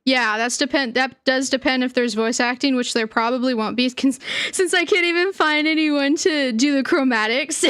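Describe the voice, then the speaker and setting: A woman's voice: high-pitched, normal speed, fairly bright tone, clear, resonant tone, dry recording, clean studio sound. A young woman streamer chatting casually, giggling often and trailing off mid-sentence. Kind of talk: casual livestream chat.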